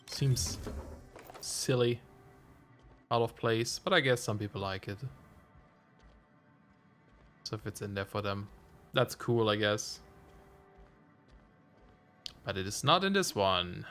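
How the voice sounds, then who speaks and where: A man's voice: on the low side, expressive, slow, pauses often, fairly bright tone, faint music behind. A man streaming a video game, giving casual commentary and thinking aloud with frequent chuckles. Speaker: let's play streamer.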